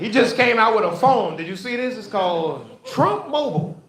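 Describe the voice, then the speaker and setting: A man's voice: high-pitched, big pitch swings, moderate pace, noisy background. A man doing a stand-up routine on a comedy club stage, telling loose, profane stories and repeating his lines. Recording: echoey live venue.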